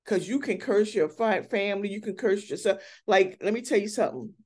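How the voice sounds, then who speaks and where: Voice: medium pitch, fairly quick, a little mellow. A church elder speaking earnestly and candidly in a casual Bible study, often restarting sentences.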